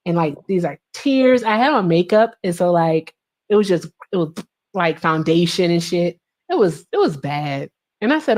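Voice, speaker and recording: In casual chat, a woman livestream host with a lowish voice tells a story at a moderate pace. She's an animated storyteller who swears often and laughs as she talks.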